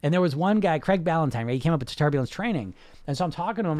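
A man's voice: on the high side, animated, very fast, a little mellow, no room sound. A middle-aged man, a weight-loss coach hosting a casual live question-and-answer talk, rambling with many restarts in an emphatic, salesy way.

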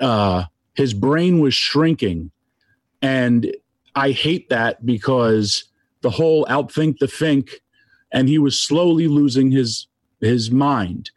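A tearful man giving an emotional tribute, halting and restarting as his voice catches. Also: mid-range voice, no echo. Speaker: guest speaker.

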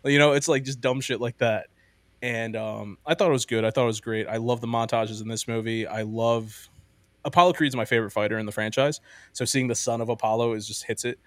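A man's voice: mid-range voice, fairly even intonation, brisk, fairly bright tone, no echo. A man hosting a podcast, chatting casually and enthusiastically about ranking movies, rambling with lots of "like" and "um". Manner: enthusiastic, rambling, heavy use of "like" and "um". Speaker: podcast host.

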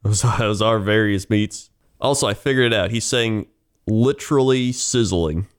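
A man's voice: lowish voice, moderate pace, smooth. A man co-hosting a podcast in casual chat, laid-back and agreeable, laughing often. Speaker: podcast co-host.

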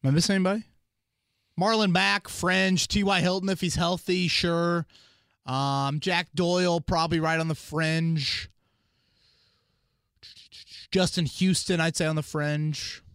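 Male podcast host, casual sports talk, rambling and animated, dry studio sound. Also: fairly high pitch, unhurried, long pauses, clean tone, no room sound. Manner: animated, rambling, many fillers and restarts. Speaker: podcast host and team analyst.

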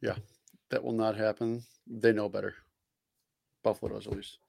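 Gravelly man reciting sports stats. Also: on the low side, flat delivery, moderate pace, darkish tone, dry recording, clean studio sound. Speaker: podcast co-host. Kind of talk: casual sports chat.

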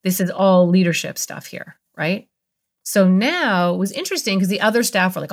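Earnest low-voiced woman in her fifties. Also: lively intonation, fairly quick, creaky. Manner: earnest, heartfelt, explanatory. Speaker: guest, parenting expert. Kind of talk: interview storytelling.

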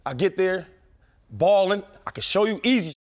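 A man in his thirties, a former pro football player, telling stories in a casual chat with slang, quick restarts and lots of animation. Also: sits high, expressive. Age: 30s.

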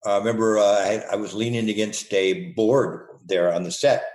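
A man's voice: on the low side, steady tone, moderate pace, darkish tone. An older man, a guest in a casual podcast interview, telling playful, rambling stories and laughing often. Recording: roomy echo.

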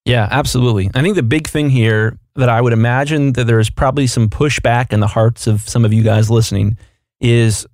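A man's voice: medium pitch, fairly even intonation, a little fast, darkish tone, dry recording, studio quality. A man co-hosting a podcast, explaining and coaching in casual chat. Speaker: podcast co-host.

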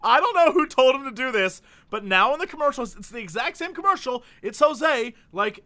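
Energetic male co-host, high and bright, ranting with comic gusto. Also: brisk, hardly any pauses. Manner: animated, storytelling with bursts of laughter. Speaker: podcast co-host. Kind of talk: casual comedic chat.

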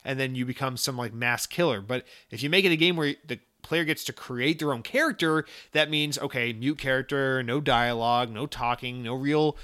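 Blunt ranting man, bright voice. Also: medium pitch, normal speed, hardly any pauses. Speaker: podcast host. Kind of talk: casual gaming news podcast.

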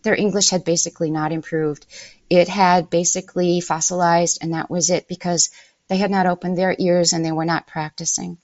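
A middle-aged woman giving measured, emphatic interview answers and laying out her points in order as a language-learning guest. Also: lowish voice, flat delivery, darkish tone, no echo, lo-fi sound.

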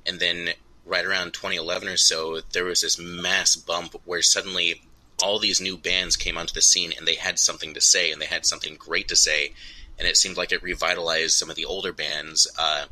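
A man's voice: low-pitched, bright, forceful tone, low-quality recording. A man calling in as a guest on a podcast, talking earnestly about the topic. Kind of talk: casual podcast chat. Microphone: remote call-in line.

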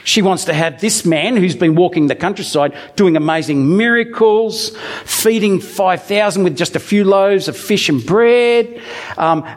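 A man's voice: high-pitched, a little slow. A man preaching a conversational sermon to a congregation, reading a Bible passage and then unpacking it with humorous asides. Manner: animated storytelling with humorous asides.

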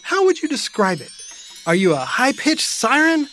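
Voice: high voice, sing-song, moderate pace, noisy background. A host of a kids' science show, explaining things in a friendly way and talking straight to the listener.

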